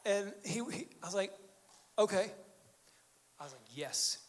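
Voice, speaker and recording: Chatty high-voiced man preaching. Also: lively intonation, fast talker, a little hiss or hum. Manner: conversational, joking storytelling with fillers. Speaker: pastor. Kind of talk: sermon. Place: church sanctuary.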